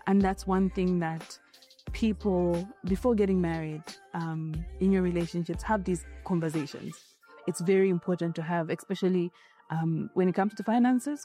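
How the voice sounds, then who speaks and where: A woman's voice: fairly low pitch, dark tone. A married woman speaking earnestly in a candid interview, often checking in with "right?" as she makes her points. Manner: earnest, repeats key points, frequent "right?" tags.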